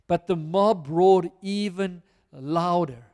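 A man's voice: sits high, steady tone, measured pace, few pauses, a little mellow, in a large hall. A man preaching a sermon as a pastor, reading scripture aloud and then applying it earnestly to his listeners.

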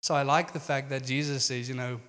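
A man's voice: mid-range voice, fairly even intonation, a little fast, fairly bright tone, long reverb tail. A man preaching a sermon in an earnest manner, often saying "you know".

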